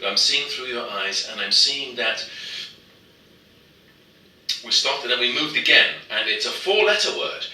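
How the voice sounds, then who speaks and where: Joking magician man, bright and roomy. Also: mid-range voice, a little slow, pauses often, distant mic. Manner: joking, teasing patter. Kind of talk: performing a mind-reading trick. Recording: roomy, from off the mic.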